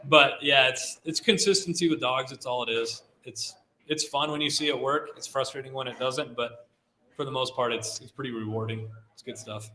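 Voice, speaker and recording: A middle-aged man who handles avalanche dogs gives a casual talk to a live audience, relaxed and chatty with lots of "like" fillers. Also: medium pitch, normal speed. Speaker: guest speaker, avalanche dog handler. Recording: roomy hall sound.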